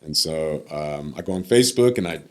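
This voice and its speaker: A man's voice: extremely low pitch, animated, brisk. A man in his thirties, a podcast guest, telling a personal story in a reflective way and sometimes acting out what others said. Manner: reflective, acts out the voices of others.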